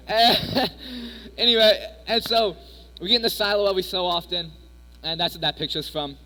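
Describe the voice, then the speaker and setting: A man's voice: high voice, animated, normal speed, long pauses, sharp tone. A young man giving a casual, rambling youth sermon full of personal stories and fillers. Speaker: youth speaker. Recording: echoey hall with mains hum.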